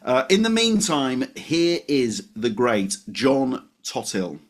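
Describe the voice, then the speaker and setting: A man co-hosting a podcast in casual chat, animated and quick to laugh at his own jokes. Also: medium pitch, loud music behind the voice. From West Yorkshire, England. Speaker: podcast co-host.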